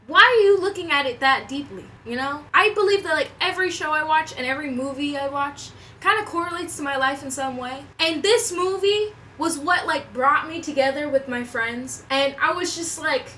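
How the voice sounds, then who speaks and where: A young woman vlogger telling a story in a casual, profane, animated way, with lots of slang. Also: high voice, brisk, few pauses, distant mic, poor audio. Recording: voice a bit off-mic with faint room noise.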